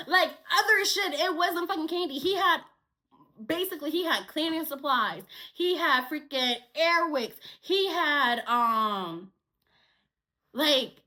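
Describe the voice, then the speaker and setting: A woman tells a workplace story straight into a close mic, her voice very high and sharply bright. She talks in a lively, unfiltered way, swearing often and slipping into the voices of the people in her story. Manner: animated, swears a lot, acts out dialogue. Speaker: storytime vlogger. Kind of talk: casual storytime.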